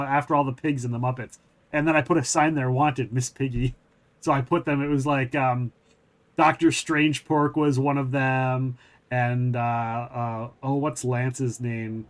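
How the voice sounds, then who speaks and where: Rambling middle-aged man streaming. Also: mid-range voice. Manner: rambling, hesitant, many fillers. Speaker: streamer host. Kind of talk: casual gaming stream chat.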